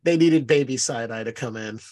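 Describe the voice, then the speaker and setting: A man's voice: mid-range voice, a little fast, a little mellow. A man appearing as a podcast guest, chatting casually and playfully, often laughing and agreeing.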